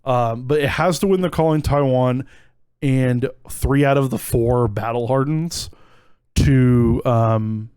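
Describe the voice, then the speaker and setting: A man co-hosting a casual podcast, telling stories in a rambling, animated way with lots of fillers. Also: medium pitch, slow pace, clear, resonant tone, no echo. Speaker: podcast co-host. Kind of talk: casual chat.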